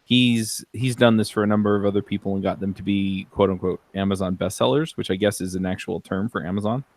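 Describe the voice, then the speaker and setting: A man's voice: fairly low pitch, steady tone, quick pace, no echo. A man co-hosting a podcast, chatting casually with many ums and restarts. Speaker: podcast co-host. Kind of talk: casual chat.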